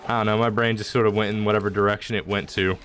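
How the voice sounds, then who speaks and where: A man's voice: on the low side, level tone, very fast, over music. A man streaming a video game, talking casually in a rambling, jokey way with mock-dramatic lines. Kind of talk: casual gameplay commentary.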